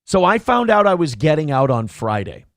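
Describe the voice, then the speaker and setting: Animated man telling a story. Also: a little high, moderate pace, dry recording, studio quality. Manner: animated, jumps between voices when quoting people. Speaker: podcast host telling a story. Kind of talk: casual storytelling chat.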